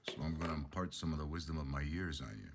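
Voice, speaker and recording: An actor playing a blunt, swearing middle-aged hockey enforcer with a Canadian accent. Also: male voice, very deep voice, fast, noisy background. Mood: gruff.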